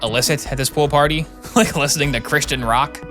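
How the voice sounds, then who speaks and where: A man's voice: on the high side, steady tone, fairly quick, over music, close to an everyday voice. Brief: man doing a dry, mocking doctor from a game, sarcastic and teasing. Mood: sardonic. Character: sardonic male doctor, middle-aged, mocking.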